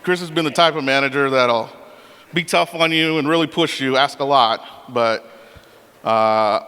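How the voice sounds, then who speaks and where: A man in his forties giving an earnest, somewhat halting tribute to his manager. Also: mid-range voice, pushed and bright, smooth. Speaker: longtime employee giving a tribute. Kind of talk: banquet tribute. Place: banquet hall. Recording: reverberant banquet hall.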